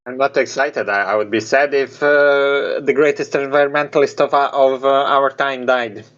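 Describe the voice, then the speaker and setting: Halting man on a dull, lo-fi mic. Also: medium pitch, fairly even intonation, fairly bright tone. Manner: halting, slightly non-native phrasing, dry irony. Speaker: podcast co-host. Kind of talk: casual chat.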